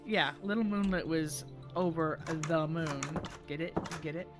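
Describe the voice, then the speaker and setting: A middle-aged grandmother telling a family story while streaming, animated and laughing often, acting out the people she quotes. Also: deep voice, a little slow, soft background music.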